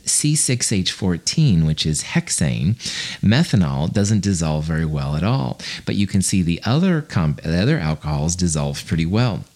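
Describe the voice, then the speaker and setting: A man with a deep, low voice teaches chemistry in a recorded screencast. He explains things casually and chattily, and drops in self-deprecating jokes. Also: a little mellow. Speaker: college chemistry instructor.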